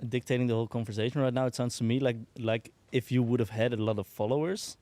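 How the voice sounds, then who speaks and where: A man hosting a casual interview, asking questions in a relaxed, agreeable way with some hesitations. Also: mid-range voice, quick pace, no room sound. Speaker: interviewer, podcast host.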